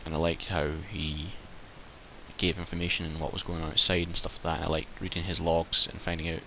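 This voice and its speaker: A man's voice: low voice, level tone, a little fast, pushed and bright, slight background noise, poor audio. A man giving rambling, chatty commentary while playing a game, swearing and joking as he goes. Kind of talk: let's play commentary.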